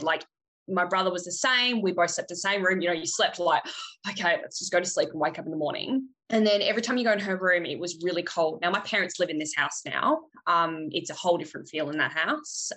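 A woman in her thirties, a podcast guest telling lively stories and laughing often. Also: on the low side, low-quality recording. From Australia. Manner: animated storyteller, laughs often, acts out voices. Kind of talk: casual chat.

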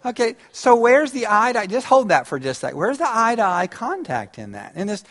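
A man addresses a large gathering in a conversational, animated way. His voice sits a little high and swings widely in pitch. He often restarts his phrases, and a long reverb trails behind him in the big hall. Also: normal speed. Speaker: speaker on relationships. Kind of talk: live talk to a large audience.

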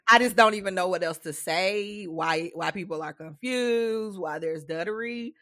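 A woman's voice: fairly low pitch, moderate pace, fairly bright tone, no echo, clean studio sound. A woman co-hosting a podcast in casual chat. She talks in a sassy, emphatic way, calls people "honey", and laughs between her points. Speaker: podcast co-host.

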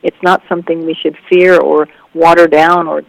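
A woman being interviewed as an author, answering in a heartfelt, rambling way with many fillers and soft laughs. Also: sits low, flat delivery, moderate pace, creaky, rough recording. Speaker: guest author.

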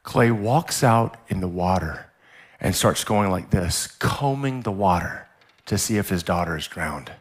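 A man preaching a sermon as a guest pastor, telling a story in a vivid, animated way. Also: low voice, measured pace. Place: church service.

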